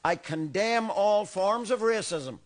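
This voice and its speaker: A man's voice: high-pitched, animated, slow pace, noisy background. An actor playing a rigid, defensive older loyalist man from Belfast, with a Belfast accent and an insistent, pompous manner. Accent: Northern Irish, Belfast. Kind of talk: stage play acting.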